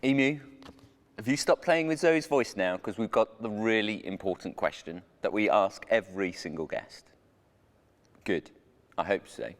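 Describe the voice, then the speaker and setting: A man's voice: lowish voice, moderate pace. A man hosting a comic chat segment on a church children's show with jokey, showman-like banter. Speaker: host. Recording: reverberant church hall.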